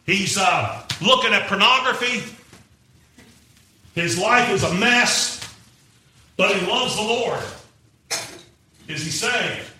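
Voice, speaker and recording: A man preaching a sermon in a church, emphatic and rising to shouts as he draws in the congregation. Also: high-pitched, slow, long pauses. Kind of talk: sermon with live demonstration. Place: church sanctuary. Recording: echoey church from a distant mic, faint noise.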